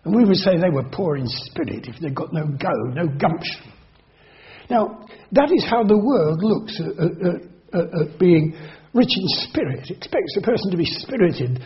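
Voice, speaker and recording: A man preaching a sermon in an earnest, measured teaching manner, slowing down and repeating words for emphasis. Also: high voice, very animated. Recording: dull lo-fi recording.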